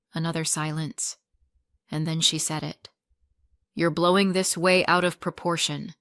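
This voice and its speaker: Narradora contida e magoada, voz grave. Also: female voice, low-pitched, moderate pace, dry recording, studio quality. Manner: restrained, wounded, flat. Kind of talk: scripted first-person narration.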